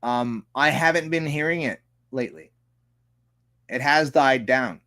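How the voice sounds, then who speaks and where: A man's voice: mid-range voice, unhurried, a bit bright. A man hosting a political commentary show, reading news articles aloud and breaking off with sarcastic, profane asides. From Canada. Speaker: host.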